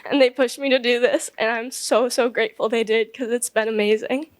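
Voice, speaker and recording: A woman's voice: fairly high pitch, fairly even intonation, a little fast. Nervous, tearful young woman speaking. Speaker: outgoing court member giving a farewell speech. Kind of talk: emotional farewell speech. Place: ballroom event.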